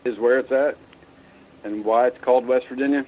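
A man calling in to a radio show who answers in a dry, sarcastic, deadpan way, heard over a quiet phone line. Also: medium pitch, brisk. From Indiana, USA. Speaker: caller.

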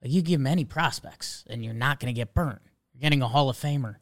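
A young man hosting a casual sports podcast, excitable and rambling, jumping between thoughts. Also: mid-range voice, fast.

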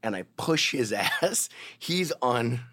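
Taking it slowly in a sing-song, fairly bright medium-pitched voice, a middle-aged man from Canada recounts a wild story as an interview guest. The talk is casual and animated; he swears heavily and vividly performs the voices of the other people involved.

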